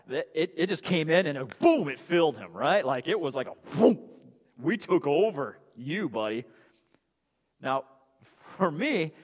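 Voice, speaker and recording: Guy preaching, lively and swoopy, chatty asides, echoey church sound. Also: a little high. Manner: animated storytelling with asides. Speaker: pastor. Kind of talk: sermon.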